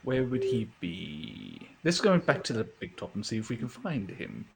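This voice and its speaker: A mischievous player in a tabletop game whose voice swings widely in pitch. The delivery is teasing and playful, egging the others on. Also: wildly swooping pitch, normal speed, gravelly, a little hiss or hum. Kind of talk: tabletop game role-play.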